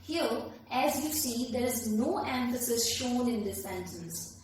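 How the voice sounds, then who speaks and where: A woman's voice: a little high, animated, measured pace, darkish tone, a little hiss or hum. A woman, teaching a lesson in an emphatic, explanatory manner. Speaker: English teacher. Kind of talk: classroom lesson. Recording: very echoey room, voice from far off the mic.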